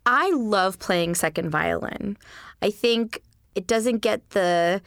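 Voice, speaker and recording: A woman's voice: medium pitch, slow, fairly bright tone, no room sound. Chatty woman telling stories, dry sound. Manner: chatty storyteller, many fillers and restarts. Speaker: interviewee, violinist and music teacher. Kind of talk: casual interview chat.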